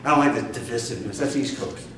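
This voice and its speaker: An older man with a Midwestern accent delivers a fiery sermon, leaning hard on his stresses and now and then bursting out loud. His voice sits a little high, and it is heard from a distance in a very echoey room with faint noise behind it. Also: expressive. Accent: Midwestern American. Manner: fiery, emphatic preaching with sudden loud outbursts and drawn-out stresses. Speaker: spiritual teacher.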